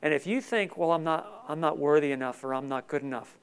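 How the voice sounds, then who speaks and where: A male pastor with a high, gravelly voice delivers an emotional sermon. He swings from loud, emphatic declarations to hushed, tender lines, close to tears. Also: brisk, hardly any pauses. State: tearful.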